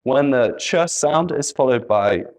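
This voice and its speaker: A man's voice: mid-range voice, unhurried, a little mellow. A man teaching an English spelling lesson, patiently repeating letters and example words.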